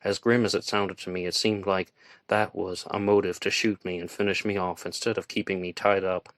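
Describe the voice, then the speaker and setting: A man reading a first-person thriller audiobook in a tense, measured storytelling manner. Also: low-pitched, little pitch movement, fairly bright tone, no room sound. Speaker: audiobook narrator.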